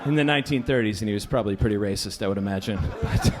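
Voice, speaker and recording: A middle-aged man doing a stand-up set in a comedy club, rambling and self-deprecating, with bursts of shouting. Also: lowish voice, racing, crowd noise.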